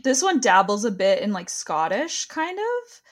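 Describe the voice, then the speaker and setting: A woman co-hosting a podcast in casual chat, lively and giggly, who slips into other people's voices when she quotes them. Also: medium pitch, a little slow. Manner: lively, chatty, giggly, mimics accents when quoting. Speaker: podcast co-host. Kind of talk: casual chat recapping a reality show.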